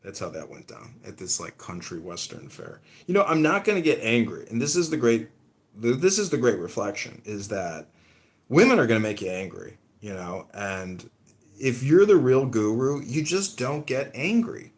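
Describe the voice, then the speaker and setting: Rambling, lively-voiced male podcaster. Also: medium pitch, normal speed. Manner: profane, meandering storytelling with frequent fillers. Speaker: podcast host. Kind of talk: casual rambling monologue.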